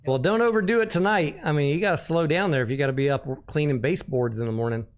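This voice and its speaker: A man's voice: on the high side, fast. Brief: man, livestream host, slightly raised voice, playful and teasing. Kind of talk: casual livestream chat.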